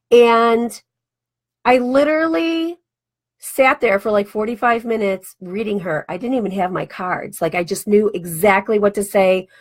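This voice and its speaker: A woman in her forties, a radio host and life coach, telling a personal story in a chatty, animated way and acting out bits of dialogue. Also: medium pitch. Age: 40s. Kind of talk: casual storytelling monologue.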